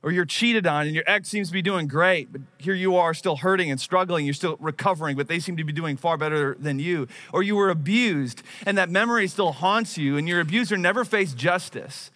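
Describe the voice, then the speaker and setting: A man's voice: a little high, brisk, hardly any pauses, pushed and bright. A man in his thirties preaching a sermon, telling a personal story in a conversational, self-deprecating way. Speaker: pastor.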